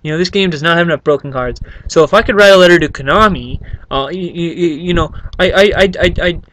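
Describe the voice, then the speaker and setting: A man's voice: a little high, fast, fairly bright tone. A man casually explaining his card game deck, rambling and joking with many fillers. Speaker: YouTube card game creator.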